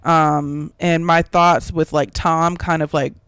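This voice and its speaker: A man co-hosting a casual podcast, recapping a reality show episode in a relaxed, measured way. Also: fairly high pitch, clean tone, no room sound, studio quality. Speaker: podcast co-host.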